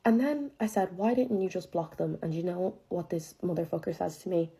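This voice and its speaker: A young woman with a lowish, dark voice talks briskly as she recounts a dramatic personal story. She's chatty and profane, packing in "like" and other fillers, and her retelling drips with incredulity.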